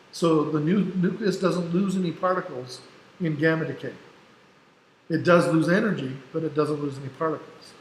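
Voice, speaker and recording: A male teacher giving a casual classroom lecture, explaining step by step and often checking in with "right?". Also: on the high side. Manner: casual, self-deprecating asides. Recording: echoey room, faint background noise.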